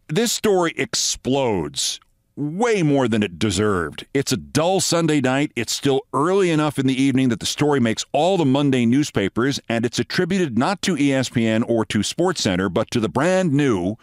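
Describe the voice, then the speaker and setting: An older man hosting a show, telling a long anecdote in a lively way and acting out the dialogue. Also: medium pitch, dry recording, clean studio sound. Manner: lively storyteller, acts out quoted dialogue. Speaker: host. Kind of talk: storytelling anecdote.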